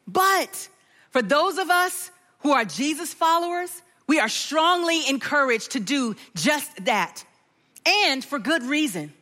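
A middle-aged woman preaching, her voice high and bright with a clear ring. She tells a personal story with animation and slips into the voices of the people in it. Her delivery is lively, as a sermon should be. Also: slow pace.

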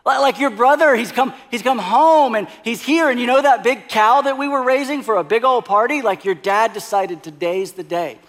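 A preacher doing an excited servant. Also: male voice, extremely high pitch, normal speed, hardly any pauses, pitched above the performer's own voice. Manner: excited, breathless news. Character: excited household servant, man. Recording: long hall reverb.

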